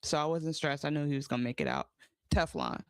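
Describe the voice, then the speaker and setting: Female co-host, playful and teasing, lowish voice that swings widely in pitch. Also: big pitch swings, vocal fry, clear, resonant tone, no room sound, clean studio sound. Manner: teasing, quick to laugh. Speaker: podcast co-host. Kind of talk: casual recap chat.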